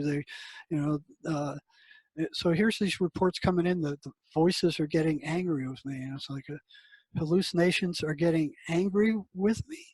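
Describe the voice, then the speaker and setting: A man's voice: fairly high pitch, slightly rough, no room sound, poor audio. An older man, a psychotherapist, telling a story in a casual, conversational way and acting out the dialogue. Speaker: psychotherapist guest. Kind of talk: storytelling interview answer.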